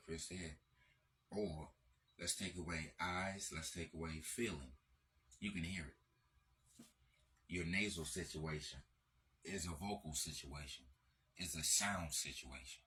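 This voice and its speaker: A man's voice: low voice, sharp tone, a little hiss or hum. A man giving an emphatic, profanity-laced lecturing monologue with lots of repetition. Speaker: channel host.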